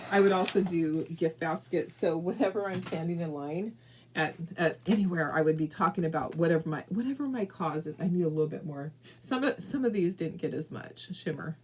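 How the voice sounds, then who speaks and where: A woman's voice: on the low side, normal speed, slight background noise, low-quality recording. A woman from southern California hosting a casual crafting livestream, chatty and encouraging, talking straight to viewers and laughing often. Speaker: craft video host.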